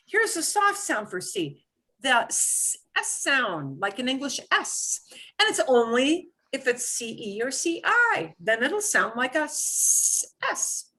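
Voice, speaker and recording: Woman teacher for a beginner language lesson, animated delivery, patient and step by step. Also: on the high side, husky. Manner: repeats words for students to echo. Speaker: Spanish teacher.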